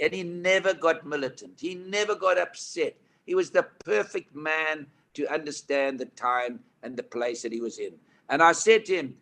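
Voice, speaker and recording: An older man from South Africa spins anecdotes as a guest on a talk show. His voice is bright and forceful, pitched a little high. He tells his stories with lively, animated delivery. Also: normal speed. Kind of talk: storytelling chat.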